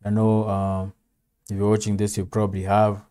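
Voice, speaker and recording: Mellow laid-back male reaction host. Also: lowish voice, monotone, normal speed, smooth. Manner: laid-back, rambling, lots of fillers like "man". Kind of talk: casual reaction commentary.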